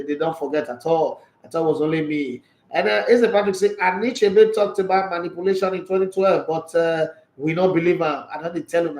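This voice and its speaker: Animated Nigerian man, echoey room. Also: on the high side. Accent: Nigerian English. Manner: animated, switches into pidgin, rhetorical questions. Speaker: sports show host reading viewer comments. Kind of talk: casual live commentary chat.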